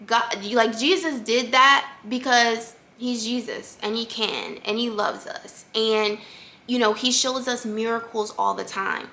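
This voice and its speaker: A young woman talks through a faith podcast episode slowly and earnestly, sprinkling in casual fillers. Her voice sits a little high, with a gravelly edge and a bright, forceful tone. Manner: conversational, filler-heavy, earnest and animated. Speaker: podcast host.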